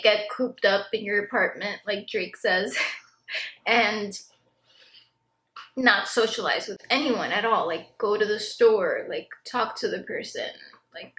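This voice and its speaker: A woman's voice: medium pitch, a bit bright. A young woman, a stay-at-home mom, talking candidly to her viewers in a chatty, confessional way that is full of "like" fillers. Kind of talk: casual confessional chat to camera. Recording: roomy echo.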